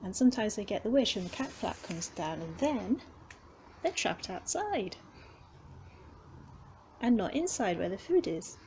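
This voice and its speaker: A young woman talks to her cats in an unhurried, gentle coo, sometimes sinking to a whisper. Her pitch sits in a middle range. Faint purring and a low hum drift behind her in the cattery. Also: big pitch swings, rough recording. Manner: gentle, cooing, often dropping to a whisper. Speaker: cattery keeper. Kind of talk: soft chat to cats. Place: indoor cattery. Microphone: handheld camera. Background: faint purring and cattery ambience.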